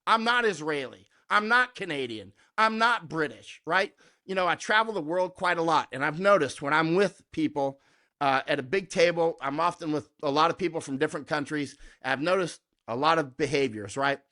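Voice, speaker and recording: Combative American man, high voice. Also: normal speed, pushed and bright. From United States. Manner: combative, emphatic, keeps asking "right?". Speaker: guest, war correspondent. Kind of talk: conversational interview.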